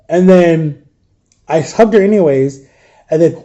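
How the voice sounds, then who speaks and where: Grieving man, soft and halting. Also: fairly high pitch. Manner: halting, repetitive retelling. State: grieving, subdued. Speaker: vlogger. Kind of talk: emotional storytime.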